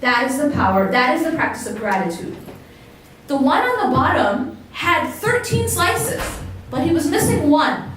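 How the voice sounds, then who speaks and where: Heard distantly in an echoey hall with faint background noise, this woman lectures on religion before a live audience. She talks in a conversational way and asks the crowd questions, her high, fairly bright voice animated and moderately paced.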